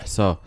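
A young man giving relaxed, rambling commentary over a game, his voice a bit rough from being sick. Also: lowish voice. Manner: rambling, filler-heavy, laid-back. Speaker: gaming video host. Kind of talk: casual commentary over gameplay. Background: faint background music.

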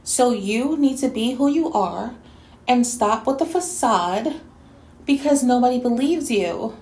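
A woman from New York City tears into someone in a sassy, cutting rant for her vlog. Her voice sits a little high and rings around an echoey room. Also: expressive, unhurried, darkish tone. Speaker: YouTube commentator. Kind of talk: response video rant.

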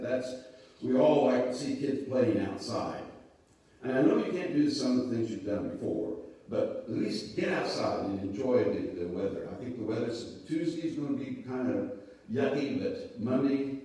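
A man leading a church service, reading scripture and then talking gently and folksily to children. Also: medium pitch. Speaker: pastor leading children's moment. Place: church sanctuary. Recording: echoey church room, mic far off.

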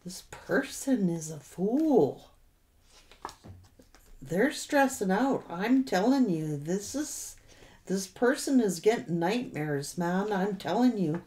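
A woman giving a tarot reading to her audience, speaking straight to the viewer with drawn-out remarks and sudden exclamations. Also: mid-range voice, animated, dark tone. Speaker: tarot reader.

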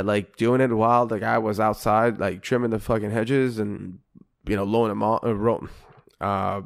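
Animated, swearing male podcast co-host. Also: lowish voice, moderate pace, creaky. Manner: swears constantly, animated, acts out both sides of quoted arguments. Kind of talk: casual storytelling chat.

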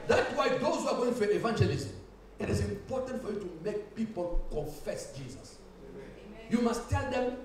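A pastor preaching a sermon, repeating his phrases, building to shouts and laughing as he goes. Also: very high voice. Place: church hall. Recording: echoey church hall from far off, faint hiss.

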